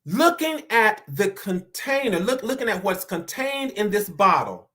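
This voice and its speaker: An inspirational speaker giving a motivational sermon-style talk to their audience, often repeating words and slowing down to stress key lines. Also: mid-range voice, big pitch swings, bright, forceful tone. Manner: stammers and repeats words, slows down for emphasis; preacher-like, rising to emphatic declarations.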